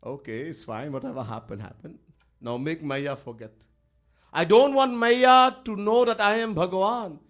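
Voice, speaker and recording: A man's voice: high voice, moderate pace, fairly bright tone. A man voicing a little boy god. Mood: scheming. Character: mischievous little boy god, youngest brother.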